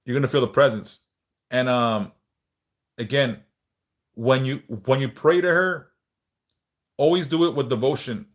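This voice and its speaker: A man's voice: mid-range voice, a little slow, pauses often. Man hosting a casual prayer livestream. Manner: relaxed, swears casually, reads chat aloud; speaks of stuttering, some word repeats. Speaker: livestream host leading prayers.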